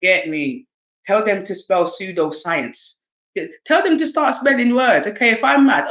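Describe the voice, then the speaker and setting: Chatting casually on a livestream, a woman with a South East London accent does an oracle card reading, animated and laughing, peppering her talk with streetwise slang and swearing. Her voice is medium-pitched and unhurried, and the audio sounds dull.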